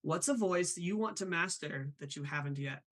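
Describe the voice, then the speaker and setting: This is the same live-show host, talking loosely and apologetically with his remote guest over the internet and laughing a lot. Here his slightly high, somewhat bright voice moves at a moderate pace.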